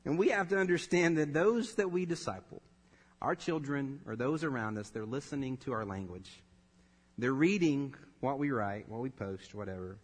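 A man in his thirties preaching a sermon, telling a personal story with laughter and animated delivery. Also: mid-range voice, normal speed, slightly rough. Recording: long reverb of a large hall.

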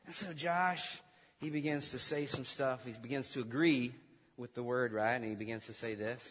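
A man's voice: mid-range voice, steady tone, normal speed, a bit bright. A male pastor preaching a sermon, playful in his storytelling and earnest in his exhortation, in a church hall. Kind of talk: sermon with a comic skit. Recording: long reverb of a large church hall.

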